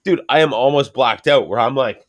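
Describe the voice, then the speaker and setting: A middle-aged man hosts a casual podcast, rambling animatedly and swearing constantly in profane banter. His voice is medium-pitched at a normal speed.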